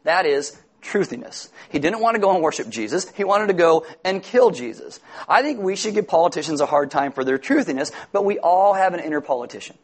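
High-voiced joking pastor. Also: male voice, brisk, few pauses, slightly rough. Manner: lively, joking, acts out quoted voices. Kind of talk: sermon. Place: church sanctuary before a congregation.

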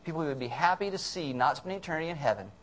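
A male preacher gives a relaxed, animated sermon in an everyday conversational tone. His voice sits a bit high for a man, and he often breaks into little acted-out voices. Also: rapid-fire. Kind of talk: casual sermon.

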